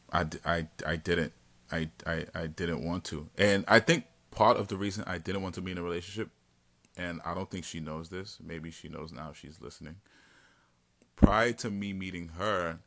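A man telling dating stories in a casual, animated and slangy way, laughing often. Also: low-pitched. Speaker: podcast host telling stories. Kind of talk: casual storytelling.

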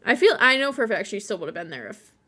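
A woman's voice: medium pitch, very animated, fast, bright, forceful tone, breathy edge. A young woman from Buffalo, co-hosting a podcast in casual, laughing chat full of restarts. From Buffalo, New York. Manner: chatty, laughing, many restarts. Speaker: podcast co-host.

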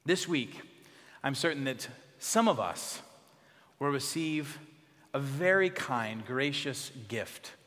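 A pastor preaching a sermon in a church, expressive, dropping to soft tones for emphasis. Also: male voice, mid-range voice, slow pace, long reverb tail.

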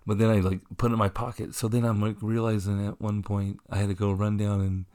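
Man, podcast co-host, casual chat, rambling storyteller, frequent laughter, lowish pitch. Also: little pitch movement, quick pace, dark tone, clean tone. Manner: laughs often while telling a rambling story.

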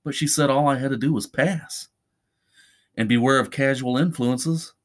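A man's voice: mid-range voice, moderate pace, close to an everyday voice. A man voicing a desperate young man in a horror story reading, anxious and pleading. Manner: pleading, frantic.

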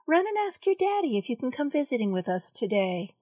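A woman reading a story aloud, voicing a kind, gentle mother of a little girl in a soft coaxing way. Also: sits high, very animated, a little fast, breathy edge, dry recording, studio quality, heavily acted.

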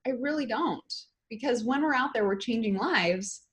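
A woman's voice: fairly high pitch, animated, moderate pace, fairly bright tone. A middle-aged woman speaking as an interview guest, telling a personal story in an emotional, candid way. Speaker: guest, online course creator.

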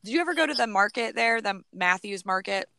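Lively, bright-voiced woman from Virginia. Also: medium pitch, brisk, creaky, no echo. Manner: lively, teasing, laughs often. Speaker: podcast co-host. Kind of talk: casual chat.

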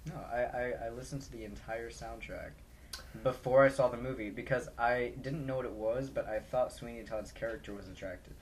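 A man co-hosting a podcast in relaxed, casual chat, peppered with fillers. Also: medium pitch, fairly quick, a little hiss or hum. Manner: relaxed, chatty, filler-heavy. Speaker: podcast co-host.

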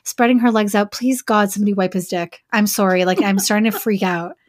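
A woman's voice: mid-range voice, fairly even intonation, a little fast, no echo. A woman podcast host reading an erotic story aloud and breaking off into joking asides.

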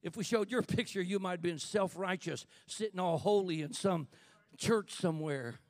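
A man preaching a fervent sermon in church, building to shouts and calling out to the congregation. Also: high voice, moderate pace, dry recording.

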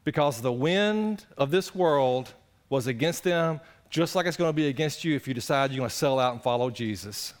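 A man preaching a sermon, animated and conversational, swinging between loud exclamations and hushed earnest passages. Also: medium pitch, moderate pace. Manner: conversational, addresses the congregation directly. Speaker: pastor.

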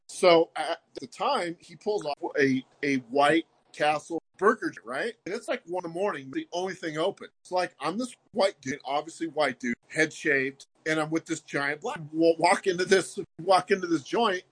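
Bright-voiced man telling a story. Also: fairly high pitch. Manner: animated, peppers story with "like" and "right?". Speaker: guest. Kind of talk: casual storytelling.

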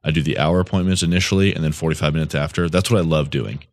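A chiropractor talking as a podcast guest, rambling in a loose, easygoing way and laughing easily. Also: male voice, very deep voice, fairly even intonation, very fast, dry recording, studio quality. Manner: rambling, full of fillers and restarts, laughs easily. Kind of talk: casual chat.

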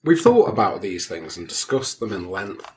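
An English man co-hosting a comedy podcast, chipping in with dry, teasing remarks. His speech is animated, rising and falling widely in pitch. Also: normal speed, a little hiss or hum. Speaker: podcast co-host. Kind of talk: casual comedic banter.

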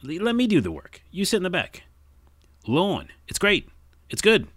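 A man voicing a pushy, fast-talking tough guy in the style of a 1920s to 1940s character, as a comic bit on his podcast. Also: high-pitched, wildly swooping pitch, a bit bright, breathy edge, no echo, studio quality, pitched above the performer's own voice, heavily acted. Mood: bossy. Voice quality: brash, bossy, fast-talking.

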